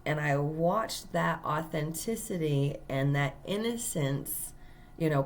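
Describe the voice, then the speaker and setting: Low-voiced woman, earnest spiritual talk. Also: gravelly, slight background noise. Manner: earnest, emphatic storytelling with many fillers. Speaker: tarot reader. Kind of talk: casual spiritual monologue.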